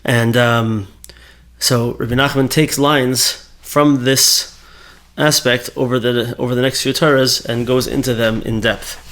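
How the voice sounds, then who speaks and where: A man's voice: mid-range voice, steady tone, unhurried, a bit bright. A man giving a casual Torah class, talking things through with fillers and self-corrections. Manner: conversational, thinking aloud with fillers and self-corrections. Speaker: Torah teacher.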